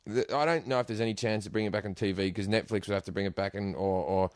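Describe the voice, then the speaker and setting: A man's voice: fairly low pitch, quick pace, no room sound, studio quality. A man telling profane, laughing anecdotes in casual chat, acting out the voices of the people in them. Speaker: guest comedian. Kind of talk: animated storytelling chat.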